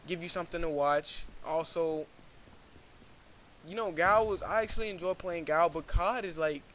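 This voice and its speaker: A young gaming YouTuber talks over his gameplay in an earnest, rambling way, full of fillers. His voice sits a little high for a man. Clear gunfire and game sounds play underneath. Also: normal speed, a bit bright. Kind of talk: casual gameplay commentary. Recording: game audio noise behind.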